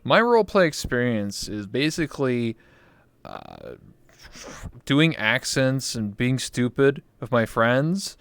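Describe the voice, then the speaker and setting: A man's voice: mid-range voice, wildly swooping pitch, slow, fairly bright tone, clean tone, no echo. A young Canadian man hosting a casual interview show, talking in a laid-back, rambling way with casual swearing. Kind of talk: casual chat.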